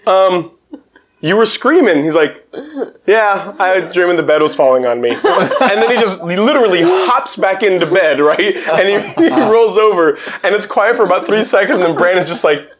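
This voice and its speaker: Animated man telling a story. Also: sits high, normal speed. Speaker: host. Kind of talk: casual storytelling chat.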